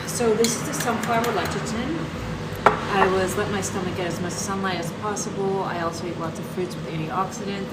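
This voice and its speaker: A woman hosting a casual wellness livestream from her home kitchen. She chats with viewers and calls them "my love". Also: on the low side. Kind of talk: casual live chat with viewers. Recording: echoey room with loud background noise.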